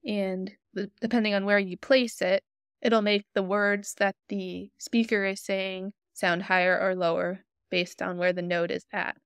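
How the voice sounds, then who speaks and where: A woman calmly walking viewers step by step through a software tutorial. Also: medium pitch, a little slow, clear, resonant tone, no echo, studio quality. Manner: friendly, explanatory, step-by-step. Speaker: tutorial host. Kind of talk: screen-recorded software tutorial.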